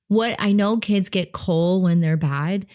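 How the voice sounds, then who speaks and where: A woman's voice: on the low side, unhurried, darkish tone. A woman co-hosting a podcast, chatting about films with playful, bossy teasing and plenty of enthusiasm. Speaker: podcast co-host. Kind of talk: casual film chat.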